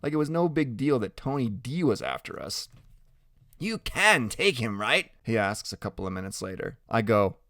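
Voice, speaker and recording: A man narrating a first-person audiobook in an animated, expressive storytelling manner. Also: fairly low pitch, a little fast, gravelly, hardly any pauses, no room sound, studio quality.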